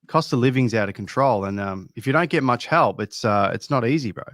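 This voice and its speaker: A man's voice: mid-range voice, a little fast, a bit bright, no echo, clean studio sound. A man with an Australian accent, a podcast guest chatting bluntly and casually, swearing freely and calling people bro.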